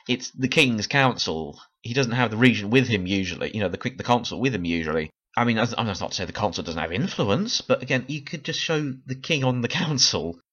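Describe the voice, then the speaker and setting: A man's voice: lowish voice, expressive, fairly quick, fairly bright tone, husky, lo-fi sound. A tired man talking through a casual, unscripted review, rambling, correcting himself and laughing often. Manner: chatty, rambling, frequent laughs and self-corrections. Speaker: TV series reviewer.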